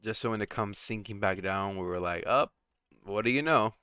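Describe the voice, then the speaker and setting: A man's voice: on the low side, moderate pace, sharp tone, clean tone, no echo. A man hosting a casual stock-market livestream, chatting with co-hosts and reading out viewer comments and trending topics. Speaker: livestream host.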